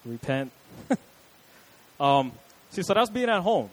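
A man's voice: a little high, big pitch swings, slow pace, rough recording. A young adult man preaching a casual, conversational sermon with chatty asides to his listeners.

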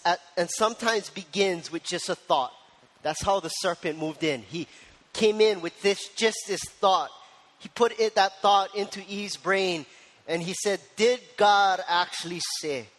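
A man's voice: high-pitched, a bit bright, long reverb tail, rough recording. A man preaching a sermon, teaching through rhetorical questions and correcting himself as he goes. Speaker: pastor.

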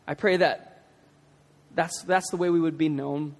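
A man's voice: a little high, steady tone, a little slow, pauses often. A man preaching a sermon in a casual, conversational way, with emphatic questions to the congregation. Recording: long hall reverb.

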